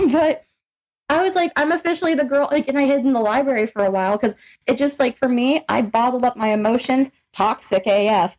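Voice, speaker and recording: A young woman co-hosting a casual podcast, spinning stories with plenty of swearing and animated energy. Her voice sits a little high. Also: moderate pace, low-quality recording. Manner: profane, animated storytelling. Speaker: podcast co-host. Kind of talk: casual chat.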